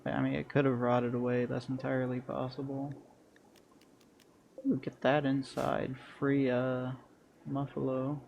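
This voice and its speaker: A man's voice: medium pitch, gravelly, dull audio, a little hiss or hum. A man streaming a strategy game, muttering through his plans and chatting bluntly to viewers with crude humor. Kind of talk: casual gameplay commentary.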